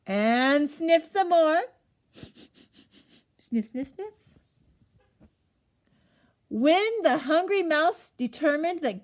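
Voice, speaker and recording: Woman reading a picture book aloud to children, high lively voice, unhurried, questions and gasps. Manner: animated, asking questions, gasping. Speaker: storyteller.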